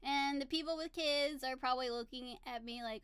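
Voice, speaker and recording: A woman's voice: high-pitched, moderate pace, a bit bright, smooth, no room sound. A woman in her thirties chatting casually to camera, telling a story in a bubbly, giggly, gushing way. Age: 30s. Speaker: vlogger. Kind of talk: casual chat.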